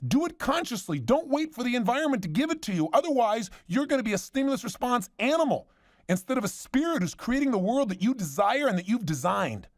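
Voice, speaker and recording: High-voiced, emphatic motivational speaker man. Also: big pitch swings, quick pace, dry recording, studio quality. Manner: emphatic storyteller, retelling conversations. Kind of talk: motivational seminar talk.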